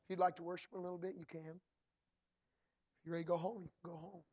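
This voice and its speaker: A pastor in church, preaching and then leading a prayer that repeats "Lord" and "God" between phrases and builds to shouting. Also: male voice, high-pitched, level tone, brisk, lo-fi sound. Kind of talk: sermon and prayer.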